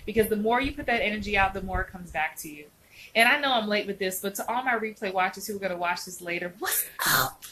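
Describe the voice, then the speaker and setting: A woman's voice: medium pitch, fast talker, sharp tone, slight background noise, rough recording. A woman acting coach hosting a casual live stream, chatting animatedly and answering viewers' comments by name.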